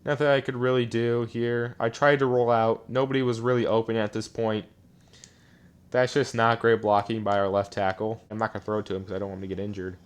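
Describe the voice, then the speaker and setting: A young man giving live commentary while playing a football video game, often frustrated, muttering low one moment and yelling the next. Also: flat delivery, brisk, clean tone. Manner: frustrated, ranting, swings between muttering and yelling. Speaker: gaming YouTuber. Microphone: desk microphone.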